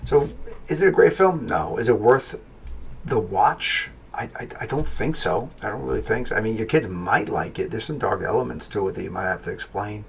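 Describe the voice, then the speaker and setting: A man's voice: fairly low pitch, expressive, moderate pace, creaky, slight background noise. A man giving a casual spoken film review, rambling and correcting himself as he thinks aloud.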